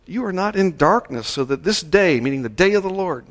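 A male pastor delivering a sermon at a church service, measured and slowing down to stress key words. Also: sits high, expressive.

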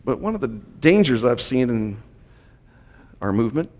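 Teaching from the Bible before a Messianic congregation, this man explains the passages and raises his voice to read scripture with emphasis. He has a medium, slightly mellow voice with wide pitch swings and a moderate pace, captured with long hall reverb.

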